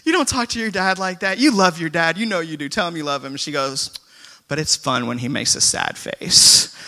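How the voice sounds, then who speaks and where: Forceful, bright-voiced pastor. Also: male voice, high-pitched. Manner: conversational, self-deprecating storytelling. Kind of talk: sermon. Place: church sanctuary before a congregation.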